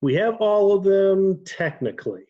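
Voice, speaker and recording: A man with an Ohio accent telling relaxed stories as a guest in casual chat, often pausing with ums and correcting himself. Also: sits high, muffled recording. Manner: relaxed storytelling with frequent ums and self-corrections. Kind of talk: casual video-call chat.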